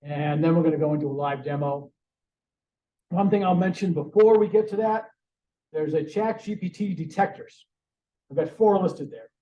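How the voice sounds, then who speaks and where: A man's voice: fairly high pitch, normal speed, dark tone. A man giving a conversational conference presentation with frequent restarts. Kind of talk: conference talk. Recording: roomy, distant, dull sound.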